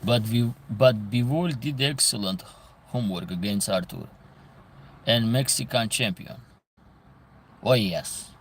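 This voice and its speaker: A man's voice: mid-range voice, measured pace, long pauses, a little hiss or hum. Emphatic man with an Albanian accent. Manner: emphatic, repeats phrases for stress. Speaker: host answering viewer comments. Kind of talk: casual live commentary.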